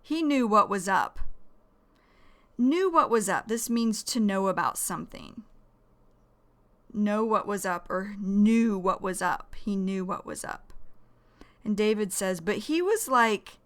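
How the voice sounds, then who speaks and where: A woman teaching English vocabulary, explaining each word slowly and carefully. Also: mid-range voice, expressive, fairly bright tone. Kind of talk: vocabulary lesson.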